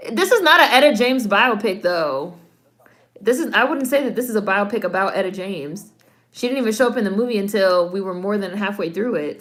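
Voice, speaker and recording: A woman hosting a casual watch-along of a film, commenting bluntly and swearing freely. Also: fairly low pitch. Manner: blunt, profane, talks back at the screen. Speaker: host reacting to a film.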